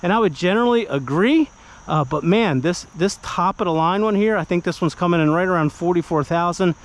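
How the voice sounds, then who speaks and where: Walking around a car and sitting inside it, a man gives an informal review in a lively, conversational manner, playacting exchanges with buyers. His voice sits high and he talks fairly quickly.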